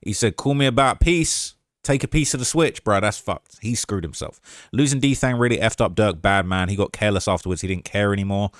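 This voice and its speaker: A young man hosting a casual reaction commentary, reading viewer comments aloud in an animated way and often tagging lines with "all right?". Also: fairly low pitch, a little fast, dry recording, clean studio sound. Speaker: commentary channel host.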